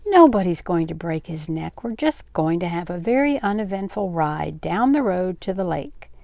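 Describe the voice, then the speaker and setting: A woman's voice: lowish voice, big pitch swings, moderate pace, gravelly, a little mellow, no room sound. An older woman reading aloud, voicing an easygoing teenage boy who coaxes and jokes. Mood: coaxing. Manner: persuasive, joking.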